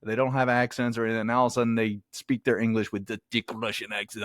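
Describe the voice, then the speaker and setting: A man's voice: lowish voice, level tone, fast talker, no echo, clean studio sound. A man giving a casual, rambling movie review, swearing offhandedly as he goes.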